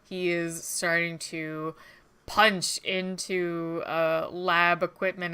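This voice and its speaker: Woman storyteller running the table: bright, very clear voice, narrates scenes patiently with fillers. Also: on the low side. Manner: descriptive narration with many "uh"s. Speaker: game master.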